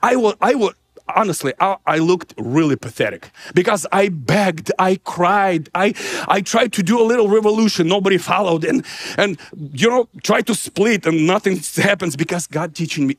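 A man's voice: high voice, expressive, normal speed. A man preaching a personal testimony sermon, telling his story animatedly, acting out dialogue and laughing often.

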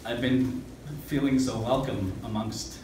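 A man from Canada giving a halting, emotional personal testimony, choking up with many pauses. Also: medium pitch. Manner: halting, pausing with "um", choked up. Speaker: retreat participant giving testimony. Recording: echoey room, far from the mic, noisy.

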